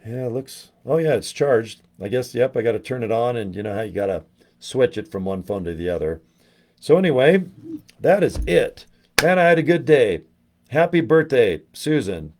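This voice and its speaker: A man's voice: lowish voice, a little mellow. A middle-aged man hosting a casual home livestream, rambling chattily and greeting viewers by name, his voice a bit worn. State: losing his voice. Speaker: livestream host.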